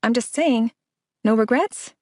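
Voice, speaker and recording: A woman reading an audiobook, voicing a bubbly, excitable young woman friend who gushes and teases. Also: fairly high pitch, a little slow, dry recording, clean studio sound, voice pushed up. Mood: teasing. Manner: gushing, teasing, exclamatory. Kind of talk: audiobook character voice.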